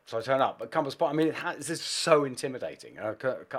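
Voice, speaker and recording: A middle-aged English man, a bass player, telling animated anecdotes in a casual interview and laughing between phrases. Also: racing, few pauses. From England.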